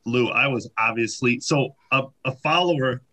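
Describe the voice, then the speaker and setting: Bright-sounding guy rambling through funny stories, lots of likes and ums. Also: medium pitch, moderate pace. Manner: animated anecdotes, many fillers. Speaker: podcast guest. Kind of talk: casual storytelling.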